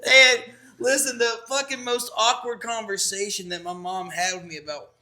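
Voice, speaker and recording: A man's voice: sits high, little pitch movement, normal speed, sharp tone. A young man co-hosting a podcast, telling a long, profane story in a rambling, laughing way. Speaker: podcast co-host. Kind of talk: casual storytelling chat.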